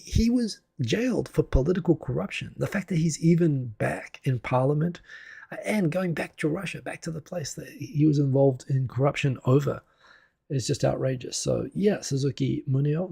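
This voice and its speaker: A man's voice: on the high side, gravelly, mellow, husky, no echo, clean studio sound. A man from New Zealand hosting a casual live stream, talking through news and reading viewer comments in a chatty way with many restarts. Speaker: live show host.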